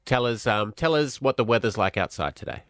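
A man's voice: mid-range voice, lively intonation, brisk, a bit bright, dry recording, studio quality. A man turning forty, co-hosting breakfast radio in a friendly, encouraging way. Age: 40s. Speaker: radio co-host.

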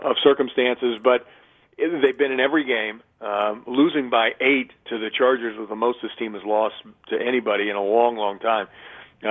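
A man, a radio play-by-play announcer, talking through a phone-in radio interview in a chatty, thorough way, restarting often. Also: medium pitch. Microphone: telephone. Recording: tinny phone line.

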